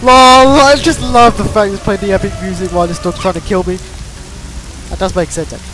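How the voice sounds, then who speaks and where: Very high-voiced excitable young man. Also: brisk, low-quality recording. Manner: excitable, swearing and laughing at the game. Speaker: gamer commentator. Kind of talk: let's play commentary.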